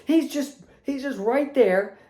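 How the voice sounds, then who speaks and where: A woman's voice: takes it slowly, dark tone. A woman hosting her own sports channel, delivering a fired-up, profane rant as a fan. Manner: profane, fired-up ranting with big swings in pitch. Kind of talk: ranting sports commentary vlog.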